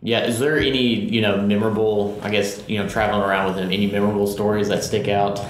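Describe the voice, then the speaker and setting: A man with a fairly low voice hosts a podcast and asks loose, rambling questions. The room is very echoey, and a faint hiss sits under his voice. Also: flat delivery, fast. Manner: rambling questions with many "you know"s. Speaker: podcast host. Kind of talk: casual interview questions.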